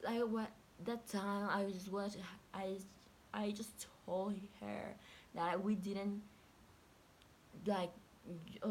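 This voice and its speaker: A young woman tells a story in a loose, chatty way, swearing freely and filling every pause with "like." She acts out what people said as she goes. A faint hiss sits under her voice. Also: lowish voice. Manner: chatty and profane, packed with "like", acts out quotes. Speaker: vlogger. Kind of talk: casual storytelling.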